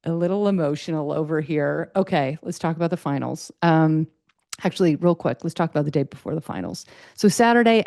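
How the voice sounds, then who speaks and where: A middle-aged woman hosts her own podcast in a chatty, excitable ramble, full of fillers and restarts. Her voice sits low for a woman. The sound is close and dry, with no room around it. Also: dry recording. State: a little choked up, tired. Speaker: podcast host. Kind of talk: casual solo podcast chat.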